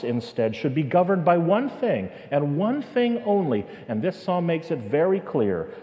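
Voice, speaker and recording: A man preaching a sermon with humor, dramatic pauses and rising questions. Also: mid-range voice, warm tone. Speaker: pastor. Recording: long reverb of a large hall.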